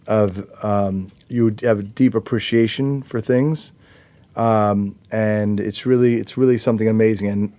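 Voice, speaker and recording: A man's voice: on the low side, mellow, no room sound. A man hosting a podcast interview, talking in a reflective way with many fillers and restarts. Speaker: podcast host. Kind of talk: conversational interview.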